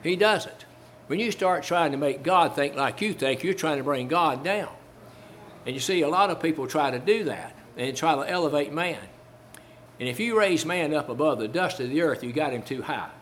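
A man's voice: a little high, expressive, moderate pace, fairly bright tone, a little hiss or hum. A man preaching a sermon as a Baptist preacher, repeating phrases for emphasis, quoting old-style scripture and asking his listeners rhetorical questions. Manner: quotes King James scripture.

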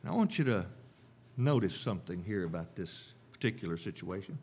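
A man's voice: deep voice, lively intonation, brisk, darkish tone, a little hiss or hum. A man preaching a sermon, emphatic and repetitive, with rhetorical questions to the congregation.

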